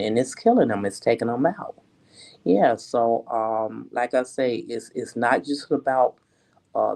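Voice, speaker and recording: A woman speaks straight to her viewers in a vlog, firm and indignant, driving each point home by repeating it. Her voice has a dark, mellow tone. It also has a gravelly, creaky texture. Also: very deep voice, poor audio. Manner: emphatic, repetitive, indignant. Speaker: political commentary vlogger. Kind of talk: opinion vlog.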